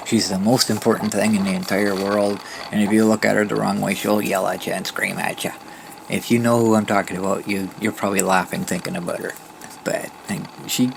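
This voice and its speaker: Low and creaky, the voice belongs to a Canadian man from Southern Ontario who gets around on a mobility scooter. His vlog story is loose and casual, full of false starts, and the recording carries loud background noise.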